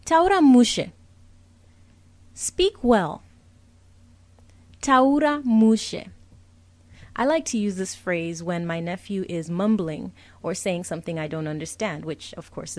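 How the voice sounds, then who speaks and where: A woman's voice: on the low side, expressive, normal speed, few pauses, a little mellow, no echo. A young adult woman teaching vocabulary, saying each word carefully and repeating it with a translation. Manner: patient, clear, explains each word with a translation. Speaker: language teacher.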